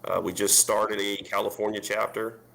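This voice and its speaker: A man's voice: on the low side, little pitch movement, normal speed, gravelly, a bit bright. A man, a paintball team captain, talking casually on a video-call panel in a rambling way with lots of fillers.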